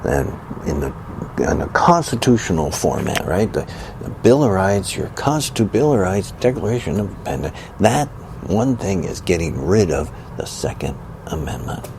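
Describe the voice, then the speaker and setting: Over a noisy background, a male commentator delivers a sarcastic, indignant political opinion piece, repeating phrases for emphasis and mocking opponents with overdone sighs and gasps. His voice is low-pitched and creaky with big pitch swings, at a normal speed.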